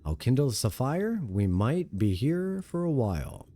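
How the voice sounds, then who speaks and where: A man's voice: mid-range voice, wildly swooping pitch, normal speed, mellow. A man reading aloud the lines of a plain-spoken male adventurer companion from a video game, in his own everyday voice. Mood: matter-of-fact.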